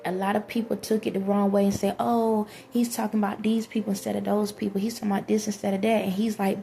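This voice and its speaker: Low gravelly woman, flat earnest monologue. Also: quick pace, hardly any pauses, a little hiss or hum. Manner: earnest, rambling, addresses viewers directly. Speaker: vlogger. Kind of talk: spiritual monologue to viewers.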